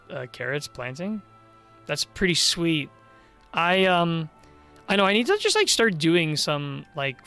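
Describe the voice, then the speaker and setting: Man, game streamer, chatty, rambling, tired worn voice, somewhat high-pitched, faint music behind. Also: gravelly, bright, forceful tone. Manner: chatty, rambling, laughs easily. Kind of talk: casual live-stream commentary while gaming.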